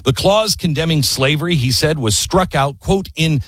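A man's voice: fairly high pitch, normal speed, breathy edge, no room sound. A man telling history as an impassioned story, earnest and emphatic, firing rhetorical questions and urging his listeners to hear every part. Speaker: history speaker.

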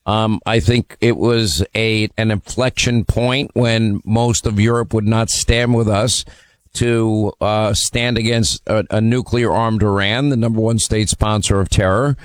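A man's voice: on the low side, steady tone, measured pace, clear, resonant tone, no echo. A man hosting a call-in radio talk show. He speaks emphatically with strong opinions and many "uh" fillers. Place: radio studio.

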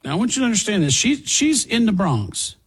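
Husky guy on talk radio, sarcastic, hammers his points. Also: high-pitched, sing-song, fairly quick. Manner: sarcastic, emphatic, repeats phrases. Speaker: radio host. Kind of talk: political talk radio commentary.

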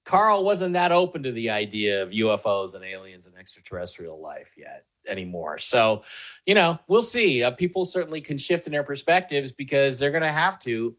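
A guest on a talk show answers earnestly, though his replies ramble with plenty of fillers and restarts. He speaks at a normal speed in a sing-song, medium-pitched voice with a bit of brightness.

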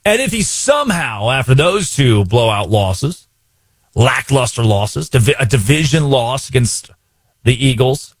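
A young adult man hosting a sports talk show, ranting with excitement and acting out quotes in mock voices. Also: mid-range voice, measured pace, breathy edge, no echo. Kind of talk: animated sports opinion rant.

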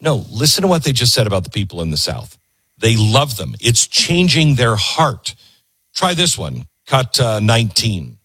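A man's voice: medium pitch, moderate pace, husky, no echo, clean studio sound. A man hosting a commentary show, talking emphatically to his audience between video clips. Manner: animated, emphatic, talks to the audience.

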